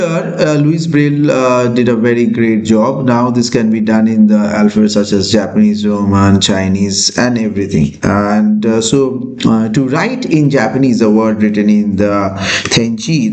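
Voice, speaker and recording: A man teaching a lesson, talking with many pauses and fillers. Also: lowish voice, a little mellow. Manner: slow, hesitant, many fillers. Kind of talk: classroom lecture. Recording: echoey room.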